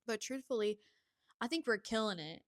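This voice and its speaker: A young woman hosting a podcast, chatting casually and confidingly, with frequent laughs and breathy sighs. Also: fairly high pitch, animated, moderate pace. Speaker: podcast host. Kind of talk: casual chat.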